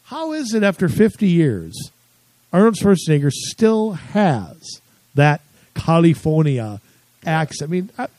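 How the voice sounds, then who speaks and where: A man co-hosting a casual political talk show. He rambles from one tangent to the next in a lively, wandering voice. He is recorded dry and close to the mic. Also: on the high side, unhurried, dry recording, rough recording. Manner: chatty, rambling, amused. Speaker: co-host.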